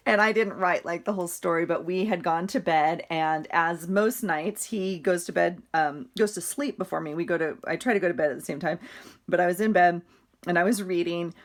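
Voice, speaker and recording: Chatty middle-aged woman, lowish voice. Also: moderate pace. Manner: chatty, rambling, laughs often. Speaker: vlogger. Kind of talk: casual chatty journal walkthrough.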